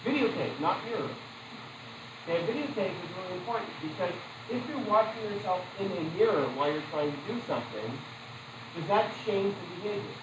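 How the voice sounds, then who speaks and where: A man's voice: high-pitched, lively intonation, fairly quick, noisy background. A man teaching a psychology class in a loose, conversational lecture, quizzing students with questions and adding casual asides. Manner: loose, self-correcting delivery with asides.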